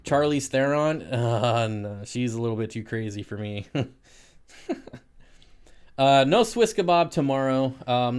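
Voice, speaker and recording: A man's voice: mid-range voice, darkish tone, clean tone. Casual man hosting a live stream. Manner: chatty, answers viewer comments with frequent laughs. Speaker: aquarium live stream host.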